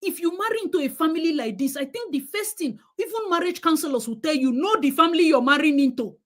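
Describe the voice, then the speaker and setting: A Nigerian woman with a high, fairly bright voice hosts a live stream, talking directly to viewers with pointed, emphatic opinions. She's expressive and fast, slipping easily into Nigerian Pidgin.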